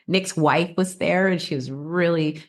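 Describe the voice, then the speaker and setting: Chatty low-voiced woman podcaster. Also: measured pace. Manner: chatty storyteller with frequent restarts and laughs. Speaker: podcast co-host. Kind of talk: casual podcast chat.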